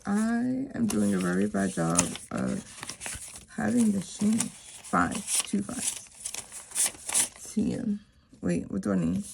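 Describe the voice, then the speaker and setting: A woman's voice: fairly low pitch, creaky, noisy background. A woman chatting casually to her viewers while doing a cash savings challenge, repeating herself for emphasis.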